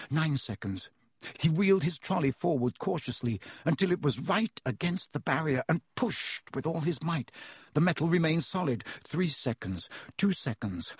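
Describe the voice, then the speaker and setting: A man reading a storybook aloud in a measured, vivid narration. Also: fairly high pitch, husky, dry recording, studio quality. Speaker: audiobook narrator.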